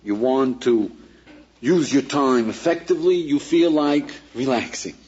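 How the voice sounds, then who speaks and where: A man teaching a class as a rabbi, in a lively lecture style, acting out little dialogues and putting questions to his listeners. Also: medium pitch, measured pace. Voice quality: husky. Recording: dull lo-fi archive lecture recording.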